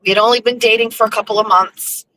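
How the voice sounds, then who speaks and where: A woman hosting her show, telling stories in a chatty, animated way. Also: fairly high pitch, fast, low-quality recording. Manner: chatty, animated, with lively acted-out quotes. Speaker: host. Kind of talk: casual storytelling monologue.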